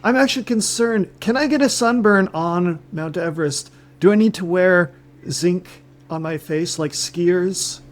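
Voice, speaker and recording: A man voices a wealthy climber on a spiritual quest, earnest and clueless. He plays it deadpan in his own slightly high voice, with an improviser's loose podcast rhythm. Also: measured pace, hardly any pauses. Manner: deadpan, earnestly self-important. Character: wealthy naive male climber, self-absorbed. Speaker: podcast co-host. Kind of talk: improvised comedy sketch.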